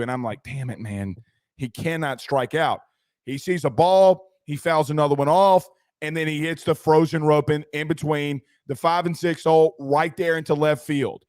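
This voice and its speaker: Guy hosting a postgame show, kinda high voice, keeps repeating himself and restarting. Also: darkish tone. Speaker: sports show host. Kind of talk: postgame analysis chat.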